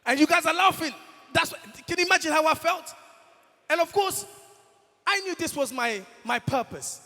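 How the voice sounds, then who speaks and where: Young male comedian from Congo, gravelly high voice, stage host in a reverberant hall. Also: moderate pace. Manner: animated, addresses the crowd directly. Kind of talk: stand-up storytelling at a live event. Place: large event hall, on stage.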